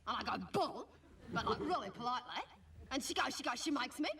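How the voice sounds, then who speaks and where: A woman's voice: sits high, lively intonation, fairly quick, creaky, bright, forceful tone, exaggerated voice. A woman with an Australian accent playing a bratty, cheeky teenage schoolgirl who rambles gossipily in a whiny, sing-song, nasal voice and mimics the people she talks about. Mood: whingeing. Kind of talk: comic monologue to camera. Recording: noisy old TV recording from a distant mic.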